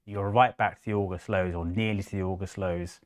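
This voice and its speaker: His voice sits low and his delivery is brisk. He's a co-host on a live market show, talking in a lively, chatty way and performing investors' inner monologues.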